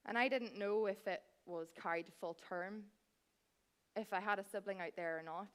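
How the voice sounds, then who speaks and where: A woman in her thirties tells a comic story from a theatre stage. Her voice sits at an ordinary mid pitch for a woman. She keeps it chatty and wry and speaks directly to the audience as she goes. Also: normal speed, fairly bright tone, clear, resonant tone. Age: 30s. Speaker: cabaret performer.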